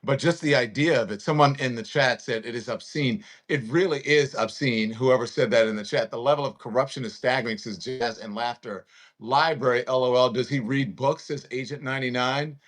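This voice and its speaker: A man's voice: mid-range voice, brisk, a bit bright. A man in his fifties from Louisiana, hosting a casual political chat and reading viewer comments with emphasis. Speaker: host.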